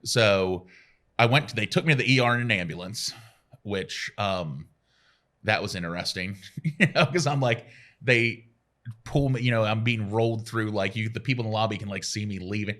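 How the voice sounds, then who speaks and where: A man in his forties, a radio guest telling self-deprecating stories in casual chat and acting out quotes with a jump in pitch. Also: normal speed, a bit bright. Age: 40s.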